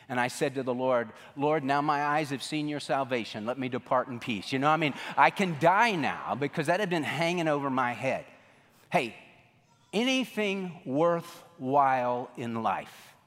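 A middle-aged man preaching a sermon as pastor, telling stories in a folksy way and acting out what people said. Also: on the high side. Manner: folksy storytelling, animated quoting. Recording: long reverb of a large hall.

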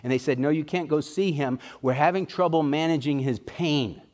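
A man's voice: fairly high pitch, moderate pace, darkish tone. A middle-aged man preaching a sermon in a folksy, conversational way, telling personal stories.

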